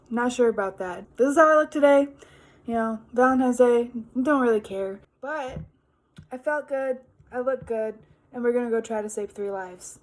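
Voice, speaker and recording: Young woman, casual vlog, rambling, filler words, slightly high voice, dry room. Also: a little mellow, dry recording. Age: young adult. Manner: rambling, chatty, frequent fillers. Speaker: vlogger. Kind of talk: casual vlog talk to camera.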